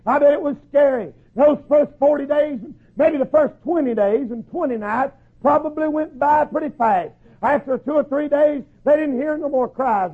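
A man preaching a sermon in a folksy storytelling way, acting out voices and shouting at the peaks. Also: extremely high pitch, husky. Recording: tinny phone-like lo-fi recording.

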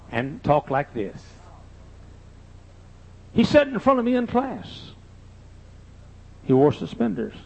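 A man's voice: a little high, gravelly, darkish tone, slightly rough. An older man, a pastor, telling folksy, joking anecdotes in a sermon. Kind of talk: humorous sermon storytelling. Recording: dull lo-fi sermon recording.

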